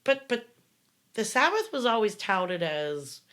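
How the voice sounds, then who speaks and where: A woman's voice: mid-range voice, big pitch swings, measured pace, a bit bright. A woman hosting a casual podcast, reading excerpts aloud with wry, sarcastic asides. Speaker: podcast host.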